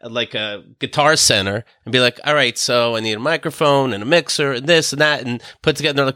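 A man's voice: medium pitch, brisk, few pauses, sharp tone, smooth, dry recording, clean studio sound. A man hosting a podcast, talking casually in a blunt, jokey way with plenty of swearing. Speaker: podcast host.

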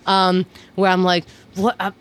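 A woman co-hosting a comedy talk show, teasing the others with playful asides and quick laughs. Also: mid-range voice. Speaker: podcast co-host. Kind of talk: casual comedic chat.

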